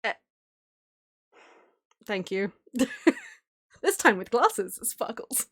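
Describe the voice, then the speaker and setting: A woman's voice: mid-range voice, big pitch swings, extremely slow, fairly bright tone. A woman streamer chatting casually while drawing, gushing and giggling often. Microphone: streaming mic.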